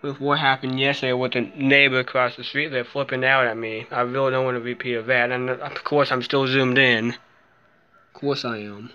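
A man filming a casual handheld vlog, jittery and muttering to himself, swearing often, sometimes dropping into soft baby talk to a cat. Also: medium pitch, level tone, moderate pace, clear, resonant tone, dull audio. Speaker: vlogger.

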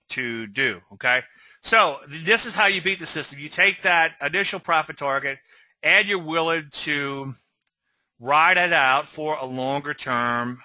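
A man's voice: fairly high pitch, bright, forceful tone, dry recording. A man teaching swing trading on a live webinar, rambling and conversational, often checking in with "okay?". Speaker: trading educator.

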